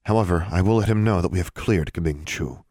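A stern, composed woman official, read by a man in his own deep voice. Her words come measured and formal. The recording is dry and close. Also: a little mellow, no echo. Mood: cool, formal. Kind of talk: audiobook character reading.

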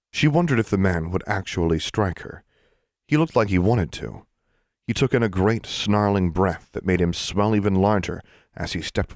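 Male audiobook narrator, lowish voice with a lively lilt, dry close recording. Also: dry recording. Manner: expressive storytelling. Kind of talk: scripted narration.

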